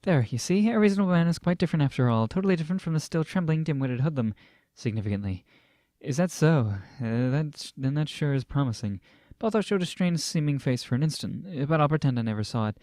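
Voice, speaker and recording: Brief: male hobby reader, slightly high voice, dry close mic, loose and stumbling delivery with asides. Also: expressive, quick pace, mellow, no echo. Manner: reads aloud with frequent restarts, laughs and joking asides. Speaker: amateur novel reader. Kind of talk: casual reading of a translated novel with asides.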